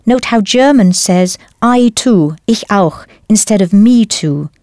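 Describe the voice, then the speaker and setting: A woman teaching a language lesson in a clear, careful scripted delivery, spelling out words as she goes. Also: medium pitch, animated, slow, darkish tone, no echo, clean studio sound.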